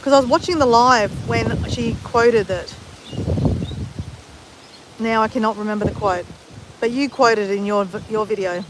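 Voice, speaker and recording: A woman's voice: a little high, unhurried, pauses often, background noise. An Australian woman chatting casually with her live-stream viewers in a rambling, self-deprecating way.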